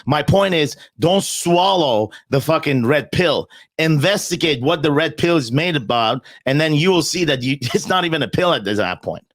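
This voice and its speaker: A man's voice: a little high, lively intonation, normal speed, hardly any pauses, no echo. A man in a casual podcast conversation, talking bluntly and emphatically, often repeating words as he starts a point and swearing freely.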